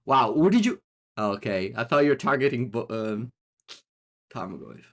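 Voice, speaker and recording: Lively Italian-accented man streaming a game. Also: medium pitch, normal speed. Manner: animated, chatty, talks to himself and chat. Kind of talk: live gameplay commentary.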